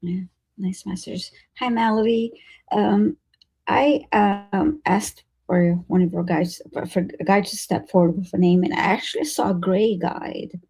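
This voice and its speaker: Woman doing live psychic readings, husky, dark tone, flat delivery, halting with fillers. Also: medium pitch. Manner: hesitant, halting, many fillers. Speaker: psychic reader and co-host.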